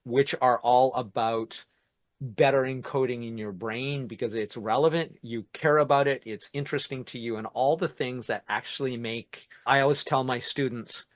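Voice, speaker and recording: A man's voice: medium pitch, fairly even intonation, normal speed, no echo. Explanatory man, dry close sound. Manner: explanatory, repeats points, says "right?" and "it's like". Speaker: language teacher and interviewer. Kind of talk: casual interview chat.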